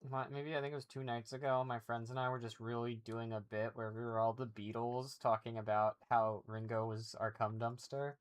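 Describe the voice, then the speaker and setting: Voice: mid-range voice, level tone, fairly quick, few pauses, smooth. Giggly joking streamer host. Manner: joking, giggly, self-deprecating. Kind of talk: casual stream banter. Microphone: streaming microphone.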